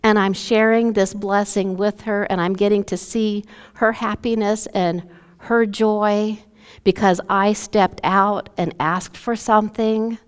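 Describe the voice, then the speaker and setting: A woman's voice: medium pitch, fairly even intonation, slow pace, clear, resonant tone. A woman pastor preaching a sermon and telling a story, acting out the lines of both speakers. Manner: storytelling, acts out dialogue with her dad. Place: church sanctuary. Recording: long church hall reverb.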